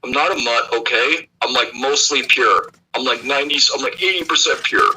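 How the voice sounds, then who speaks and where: A man's voice: medium pitch, brisk, noisy background. A man co-hosting a livestream, rambling in crude casual banter with frequent restarts and repeated words. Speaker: livestream co-host.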